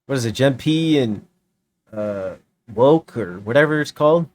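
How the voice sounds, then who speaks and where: A man's voice: medium pitch, animated, unhurried. Fired-up man ranting. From United States. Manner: heated, profane, emphatic. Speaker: streamer. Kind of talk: ranting reaction commentary.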